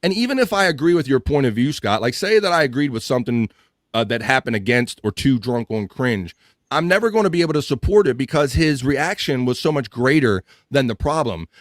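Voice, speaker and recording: A man's voice: mid-range voice, animated, a little fast, dry recording, studio quality. A man with an American accent hosting a casual livestream, reading viewer comments and ranting with profanity and jokes. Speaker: livestream podcast host.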